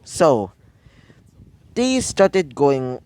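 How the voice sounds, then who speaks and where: A man improvises a fan story, rambling and restarting with many fillers. His pitch is fairly high and swings about. Dry, close recording. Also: sing-song, drawn-out words, a little mellow, clean tone, no echo.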